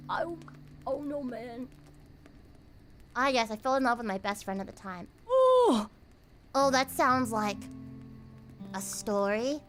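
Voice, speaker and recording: Reading viewer comments aloud during a cozy late-night stream, a young American woman shifts from playful squeals to soft, reflective moments. Her voice sits in the mid range.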